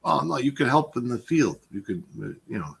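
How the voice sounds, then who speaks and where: A man's voice: medium pitch, very animated, fairly quick, vocal fry. A man chatting casually on a live stream, easygoing and teasing, laughing often. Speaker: guest co-host.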